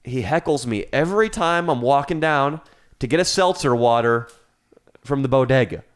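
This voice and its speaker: A young adult man co-hosting a comedy podcast, telling crude stories in a deadpan, profane way. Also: medium pitch, normal speed, clean tone. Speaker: podcast co-host.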